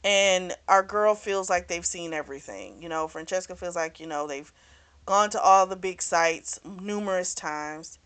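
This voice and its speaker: A woman's voice: fairly low pitch, measured pace, fairly bright tone, clean tone. A woman casually retelling a novel's plot in a book review, chatty and full of "you know", raising her voice when she quotes characters. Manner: acts out characters' lines in a raised voice.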